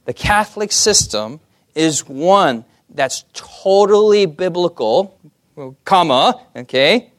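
A man's voice: on the high side, animated, takes it slowly. A young man preaching a sermon, often putting questions to the audience and asking for amens.

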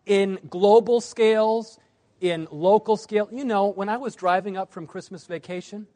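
A man's fairly high-pitched voice giving a sermon presentation to a congregation. He leans hard on key words and then lets the ends of phrases fall quiet. He sounds like a man in his forties from the United States. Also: normal speed. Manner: varies loudness widely, drops low at phrase ends. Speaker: preacher.

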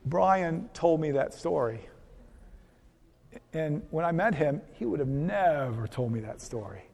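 A man's voice: on the high side, lively intonation, measured pace, creaky, a little mellow. A man, a physician, giving a folksy health seminar to a church audience, telling stories and asking the crowd questions. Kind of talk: conversational seminar talk with storytelling. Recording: long hall reverb.

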